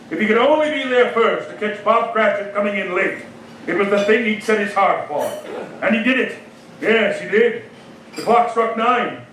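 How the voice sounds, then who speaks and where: A man narrating a live staged radio play with lively storytelling. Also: sits high, a little hiss or hum. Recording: echoey room, heard from far off.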